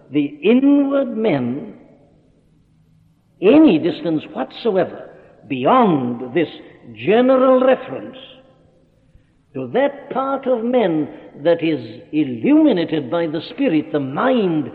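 A man preaching an expository sermon, emphatic and reasoning aloud with rhetorical questions. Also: fairly high pitch. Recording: tinny lo-fi recording with long hall reverb.

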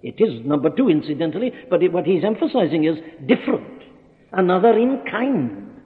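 Preacher, male, expository sermon; emphatic, lively and fairly high voice, tinny recording with a long hall echo. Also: a little fast. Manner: emphatic, reasoning aloud with rhetorical questions.

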